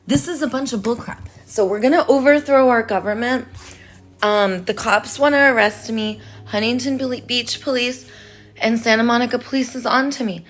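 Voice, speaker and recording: A woman's voice: a little high, normal speed, fairly bright tone, soft background music. A woman vlogging in a rambling, playful rant that sometimes drops into a whisper. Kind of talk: casual rant to camera.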